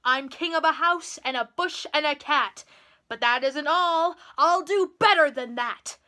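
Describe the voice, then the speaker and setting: A woman's voice: very high voice, slow, sharp tone, full character voice. A woman voicing a pompous, boastful male turtle king who bellows his commands. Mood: commanding.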